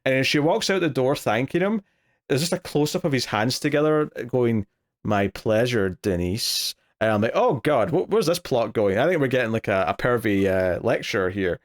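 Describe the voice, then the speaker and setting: A man's voice: medium pitch, animated, brisk. A man co-hosting a podcast, recapping a comic issue in loose casual chat with many fillers and restarts. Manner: rambling, hesitant, lots of fillers and restarts. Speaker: podcast co-host. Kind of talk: casual comic book discussion.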